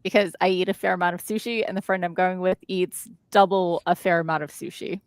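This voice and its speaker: With a lowish, clear, resonant voice and a steady tone, a woman co-hosts a casual co-working livestream briskly from her home living room desk. She chats, reads out viewer comments, and restarts frequently, recorded dry.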